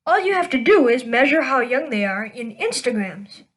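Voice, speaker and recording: A woman's voice: on the high side, sing-song, moderate pace, rough recording. A woman hosting her own show, telling a string of jokes and laughing at her own punchlines. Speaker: show host.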